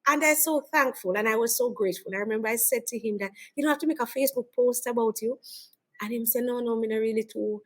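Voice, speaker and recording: A woman from Jamaica with a Jamaican accent, a guest entrepreneur telling stories in an animated, expressive way. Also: fairly high pitch, fast. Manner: expressive, swings into loud laughing exclamations. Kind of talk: animated storytelling in conversation.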